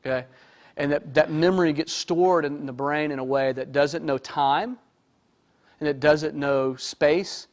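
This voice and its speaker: A high-voiced man gives an informal lecture to an audience. He speaks as a therapist, in a chatty, joking way, and keeps checking in with "right?" and "okay?". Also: fairly even intonation, unhurried. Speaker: therapist giving a talk.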